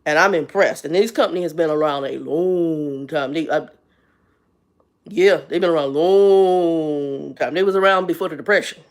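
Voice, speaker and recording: A woman's voice: deep voice, normal speed. Blunt woman in her fifties ranting. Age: 50s. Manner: blunt, exasperated, talks straight to viewers. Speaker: channel host. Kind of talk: live-stream rant. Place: Arizona.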